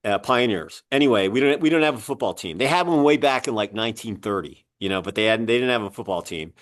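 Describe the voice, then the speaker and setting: A man's voice: on the low side, quick pace. A middle-aged American man telling long coaching stories in a casual interview, full of fillers and restarts. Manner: rambling, many fillers and restarts, lively quoting of others. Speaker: guest, coach.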